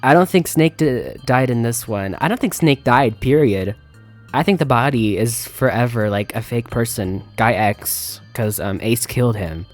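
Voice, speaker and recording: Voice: medium pitch, lively intonation, moderate pace. A streamer giving casual live commentary on a game at the computer, chatty and reactive, laughing and talking to chat. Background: quiet game music.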